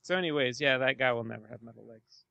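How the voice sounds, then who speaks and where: A man's voice: medium pitch, fast, gravelly, sharp tone, no echo, highs cut off. A man co-hosting a casual movie podcast, rambling and laughing as he talks. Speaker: podcast co-host.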